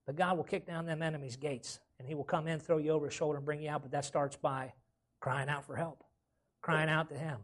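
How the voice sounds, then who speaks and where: A man's voice: on the high side, steady tone, brisk. A man preaching a sermon as pastor, with folksy casual grammar and frequent calls of "amen?".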